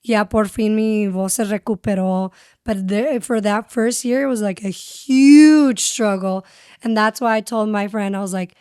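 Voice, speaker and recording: Bilingual woman telling her story, smooth voice. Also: mid-range voice, a little slow, darkish tone, dry recording, clean studio sound. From San Diego. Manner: candid storytelling, switches between English and Spanish. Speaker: podcast guest, radio host. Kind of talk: casual interview chat.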